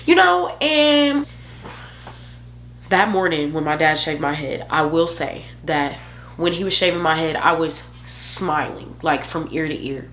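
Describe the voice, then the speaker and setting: A woman's voice: sits low, fairly even intonation, normal speed, a bit bright, slight background noise. A young woman vlogger telling a candid, emotional personal story, joking at her own expense.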